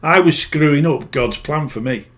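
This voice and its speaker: A middle-aged man, a spiritual healer by trade, tells a casual personal story in a voice on the high side at a moderate pace. He speaks plainly and rambles, correcting himself often.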